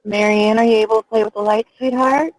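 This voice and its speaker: A woman on a ghost hunt, gently pleading with a spirit and calling it sweetheart. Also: fairly high pitch, steady tone, fast talker, no room sound, low-quality recording. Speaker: ghost hunter.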